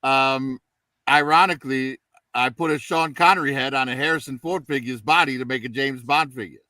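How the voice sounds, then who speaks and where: A man's voice: mid-range voice, normal speed, no echo, recorded from a distance. Rambling man hosting a movie podcast. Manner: relaxed, rambling with many fillers. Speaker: podcast host. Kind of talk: casual movie review chat.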